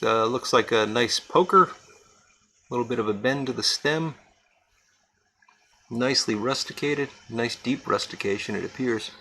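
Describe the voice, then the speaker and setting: Guy running a livestream auction, gravelly and kinda bright, chatty, calls out bids. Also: medium pitch, rough recording. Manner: chatty, reads out bidders and amounts. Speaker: livestream charity auction host. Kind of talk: casual live-stream auctioneering.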